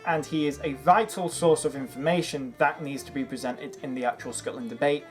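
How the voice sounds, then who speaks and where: A channel host reading a scripted history narration, earnestly building an argument point by point. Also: medium pitch. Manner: earnest, argumentative, making a case. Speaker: history video creator.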